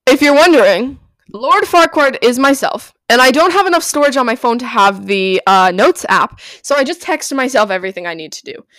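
A young woman hosting a casual solo podcast, rambling and giggly, breaking into squeals and yells. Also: fairly high pitch, no room sound. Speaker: podcast host.

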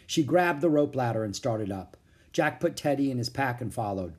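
An audiobook narrator reading a children's book aloud in an expressive storytelling way. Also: mid-range voice, normal speed.

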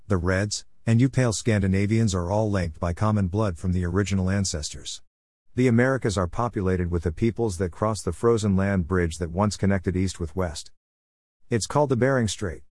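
A man voicing a wise, cryptic old grandfather spirit who speaks in a calm, teaching tone. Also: on the low side, dry recording, studio quality.

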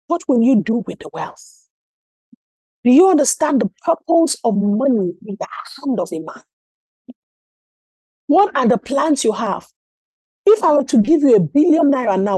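Woman preaching a lively sermon. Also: on the high side, breathy edge, no room sound, low-quality recording. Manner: emphatic, asks rhetorical questions, acts out little scenes. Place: church.

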